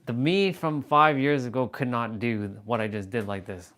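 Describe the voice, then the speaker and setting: A man hosts a casual livestream, chatting loosely and amused with himself. His voice sits at an ordinary middle pitch. Now and then he slows into a hushed, intense tone, speaking into a camera set on a tripod. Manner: rambling and self-amused, drops to a slow hushed intensity. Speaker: livestream host. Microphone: camera on tripod at eye level.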